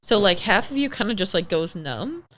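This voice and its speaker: A young woman on a podcast tells a story casually and with lots of animation, swearing freely and acting out what people said. She speaks at a moderate pace in a mid-range voice.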